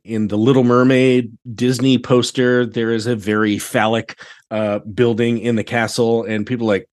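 A man who is a guest on a podcast, chatting casually, laughing readily and reacting with loud exclamations. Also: mid-range voice. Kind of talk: casual chat.

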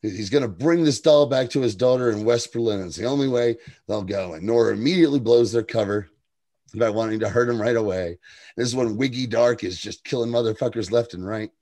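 A man's voice: medium pitch, a little fast. Chatty man recapping a TV episode. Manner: animated, laughs often, recaps plot and acts out lines. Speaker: podcast co-host. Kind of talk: casual chat about a TV episode.

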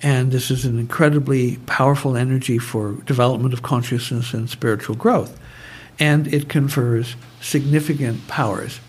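A man's voice: mid-range voice, steady tone, normal speed, few pauses, slightly rough. A man guest telling stories in conversation, digressive and prone to tangents. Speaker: guest, brainwave trainer. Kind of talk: conversational storytelling.

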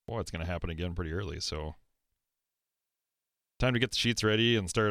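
A man's voice: deep voice, a little fast, long pauses, a bit bright, clean tone, no room sound, studio quality. A man co-hosting a racing talk show, chatting in an easygoing, joking, rambling way. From South Dakota. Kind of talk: casual chat.

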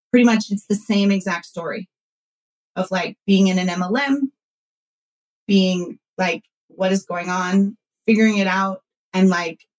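A woman in her thirties who hosts a podcast, talking casually in an animated way and acting out what others said. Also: medium pitch, rough recording. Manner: animated storytelling, acts out quotes, frequent fillers. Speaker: podcast host and former consultant. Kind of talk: casual conversational interview.

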